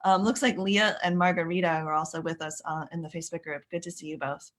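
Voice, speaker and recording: A woman with a fairly low voice leads a live-streamed parenting workshop. She talks in a chatty way, greets viewers by name and often starts a sentence over as she goes. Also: steady tone, fast talker, fairly bright tone. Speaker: parenting coach.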